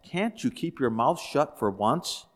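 A man's voice: a little high, sing-song, normal speed, fairly bright tone. A man voicing a grumpy husband in a joke, growling his words through clenched teeth. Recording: echoey hall.

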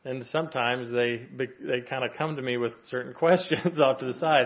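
A man's voice: medium pitch, normal speed. A man giving an earnest, conversational sermon, speaking plainly with frequent fillers and restarts. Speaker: lay preacher soon to be a pastor. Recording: dull lo-fi recording.

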